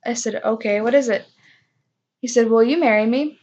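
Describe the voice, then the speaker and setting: Young woman vlogger, highish voice, chatty storyteller, lo-fi sound. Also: normal speed, darkish tone. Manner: chatty, self-mocking, acts out quoted voices. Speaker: vlogger telling a personal story. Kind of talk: casual storytime chat.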